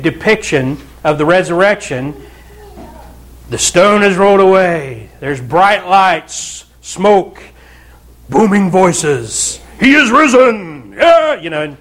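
A man's voice: high-pitched, a bit bright. A pastor preaching a conversational sermon to his church, with asides and repeated calls of "Amen?" to the congregation. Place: church sanctuary.

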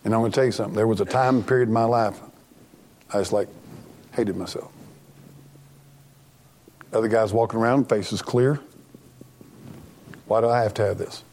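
A man's voice: lowish voice, fairly even intonation, moderate pace, long pauses, darkish tone, a little hiss or hum. A middle-aged man preaching a sermon as pastor, earnest and plainspoken, often restarting his sentences.

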